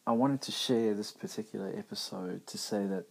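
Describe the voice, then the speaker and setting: Deep gravelly-voiced man, candid talk. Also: moderate pace. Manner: candid, conversational, many restarts. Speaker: podcast host. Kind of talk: reflective personal monologue.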